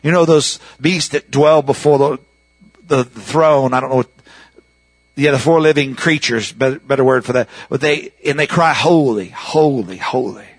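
A man preaching a sermon in a conversational way, often checking in with the congregation and rising higher and louder when he presses a point. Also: steady tone, normal speed, no room sound, rough recording. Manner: conversational, repeatedly asking the congregation "Amen?". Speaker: pastor.

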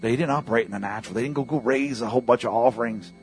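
A man preaching a sermon as pastor of a church, calling out to the congregation for responses and swinging between loud bursts and hushed asides. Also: medium pitch, racing, soft background music.

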